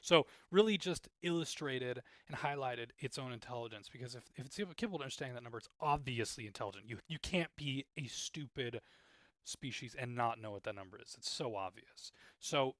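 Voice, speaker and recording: A man giving casual, rambling commentary as a TV reviewer, growing exasperated and animated with many restarts. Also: mid-range voice, a little fast, no room sound. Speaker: TV show reviewer.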